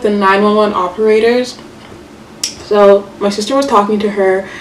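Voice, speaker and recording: A young woman vlogger telling a story casually while doing her makeup, chatty and animated, full of fillers and swearing. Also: on the high side. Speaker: beauty vlogger. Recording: echoey room, mic far off, faint hiss.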